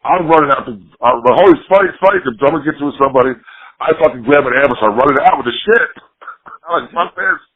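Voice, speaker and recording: A man's voice: medium pitch, quick pace, breathy edge. A man from New Jersey, a punk band member, telling rambling, profane stories in a casual interview. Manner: profane, rambling storyteller, quotes people. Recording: tinny phone line.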